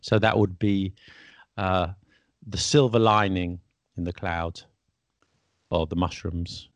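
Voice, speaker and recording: A man hosting a casual podcast about the English language, an English teacher who asks questions in a playful, lively way. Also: low-pitched, slow pace, no echo. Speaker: podcast host. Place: Paris.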